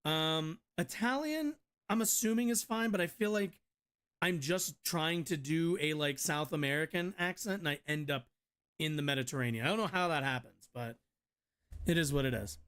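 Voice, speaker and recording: A man's voice: fairly high pitch, normal speed, fairly bright tone, clear, resonant tone. A man streaming casual commentary, rambling and profane, often restarting his sentences. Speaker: streamer reading and reacting to news.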